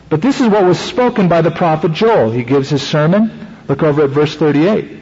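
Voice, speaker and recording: A man preaching a sermon in a conversational way, retelling scripture with small acted-out scenes. His voice is a bit high and husky. The sound is dull and lo-fi, like a radio program. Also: a little fast, darkish tone, in a large hall. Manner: conversational preaching, acting out Bible stories.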